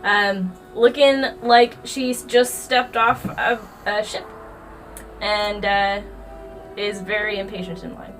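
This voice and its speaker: A woman player describing her character in a lively, chatty way. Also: medium pitch, slow. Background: faint music.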